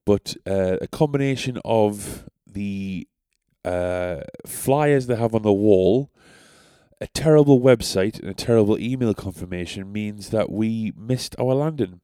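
A young man tells a meandering podcast story, full of swearing and jokes at his own expense. His voice sits low and mellow. The recording is dry and close. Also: unhurried, smooth, dry recording. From North East England. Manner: rambling, sweary, self-deprecating. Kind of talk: casual storytelling.

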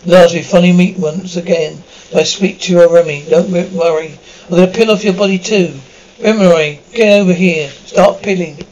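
A man's voice: high-pitched, steady tone, moderate pace, darkish tone, close to an everyday voice, poor audio. A man reading an obsessive doting mother. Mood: coaxing. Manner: pleading, cloying.

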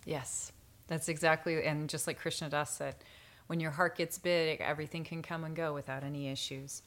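A woman's voice: low-pitched, level tone, moderate pace, a bit bright. A woman hosting a spiritual podcast in casual chat, earnest and emotional, laughing often. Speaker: podcast host.

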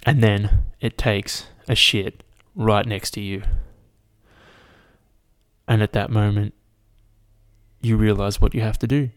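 Low-voiced profane podcaster. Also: male voice, steady tone, slow, long pauses. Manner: casual and profane, lots of fillers. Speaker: podcast host. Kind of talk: solo podcast rant and storytelling.

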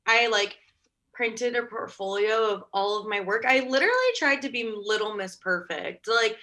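Young woman, 20s, casual storytelling, bright voice, slightly high, chatty, lots of fillers and laughs. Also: lively intonation, moderate pace. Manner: chatty, full of "like" and "oh my God", laughs often.

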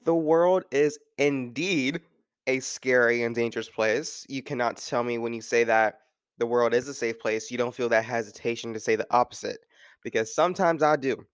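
Smooth-voiced man rambling casually. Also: medium pitch, normal speed, no echo, studio quality. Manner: rambling, filler-heavy with frequent "like". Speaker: podcast host. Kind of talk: casual solo talk.

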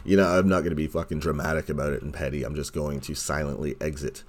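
A man's voice: a bass voice, fairly even intonation, fast, hardly any pauses. A man hosting his own podcast, delivering a heated, sarcastic monologue full of swearing and mocking quotes. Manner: heated, sarcastic, heavy swearing, mocks others in quoted voices. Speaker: podcast host. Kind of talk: profane ranting monologue.

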